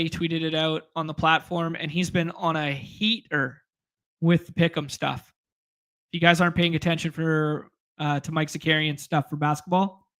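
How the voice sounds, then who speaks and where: Bright-voiced man hosting a fantasy sports stream. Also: fairly high pitch. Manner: rambling, jokey, reads chat aloud. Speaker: fantasy sports podcast host. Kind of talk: casual live-stream chat.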